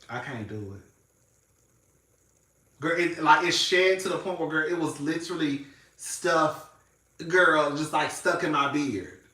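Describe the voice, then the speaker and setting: Bright-voiced man, chatty, in echoey room. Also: on the high side, recorded from a distance. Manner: chatty, calls everyone girl, swears freely; swings between loud and quiet. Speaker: reality TV reviewer. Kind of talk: casual chat to camera.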